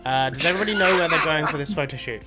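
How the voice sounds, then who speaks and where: A man's voice: a little high, racing. A man in a pre-recorded message, giving cheeky, profane instructions as the show's videographer. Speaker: resident videographer. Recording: played-back recording with music behind.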